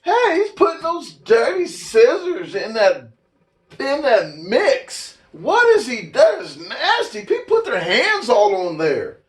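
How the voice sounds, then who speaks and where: A man voicing a nagging male internet commenter, whining in an annoying high voice and dragging out his complaints. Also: wildly swooping pitch, distant mic, exaggerated voice. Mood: disgusted. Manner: whiny, drawn-out complaining.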